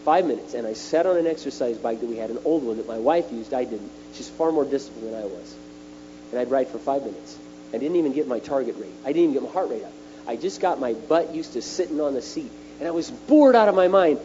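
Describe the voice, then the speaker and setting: A middle-aged man preaching a sermon at a retreat, animated and emphatic, his voice jumping up on key words. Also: mid-range voice, fast. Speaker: speaker at a retreat. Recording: dull lo-fi recording with faint mains hum.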